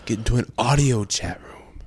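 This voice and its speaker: A man's voice: medium pitch, lively intonation, moderate pace, a little mellow, breathy edge. A man co-hosting a radio show, hesitant at times, dropping dry one-liners. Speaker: co-host. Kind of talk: casual banter.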